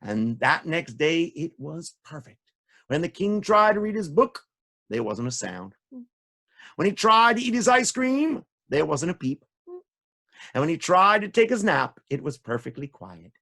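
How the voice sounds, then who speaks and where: A male children's storyteller with a fairly high voice that swoops up and down in lively sing-song. He repeats phrases for effect and speaks straight to the kids. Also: measured pace.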